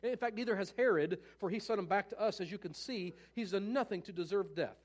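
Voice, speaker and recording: A man's voice: sits high, fairly quick. A man preaching, reading scripture aloud and breaking in with casual, offhand comments.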